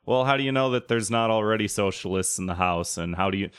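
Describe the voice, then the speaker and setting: A man's voice: lowish voice, fast talker, fairly bright tone, smooth, dry recording, clean studio sound. A man co-hosting a casual podcast, rambling with many filler words and some swearing. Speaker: podcast co-host. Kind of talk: casual chat.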